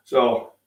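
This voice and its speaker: A middle-aged fitness channel host from Illinois, with a Midwestern American accent, rambles chattily with many fillers during a casual live-stream breakfast chat. He's under the weather, coughing and clearing his throat, and the mic is distant in an echoey room.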